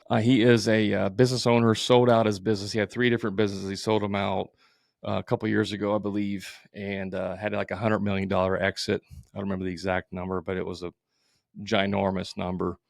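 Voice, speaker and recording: A man's voice: on the low side, level tone, a little fast, vocal fry, dry recording, studio quality. A man hosting a solo podcast, talking bluntly and informally, repeating his points with plenty of fillers. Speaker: podcast host.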